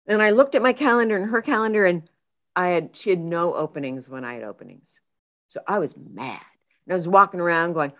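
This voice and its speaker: Her stories come out casual and expressive as she dramatizes her own inner voice; she's a therapist and author on a podcast as a guest. She talks a little fast with a fairly low pitch.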